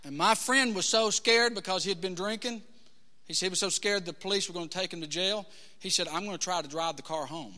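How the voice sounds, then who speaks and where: A pastor in middle age tells his story from the pulpit, dropping to a hush and then rising to a shout. His voice sits very high and sounds sharp and forceful. It carries a long hall reverb. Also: brisk, a little hiss or hum. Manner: passionate storytelling preacher, swings from hushed to shouting. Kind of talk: sermon.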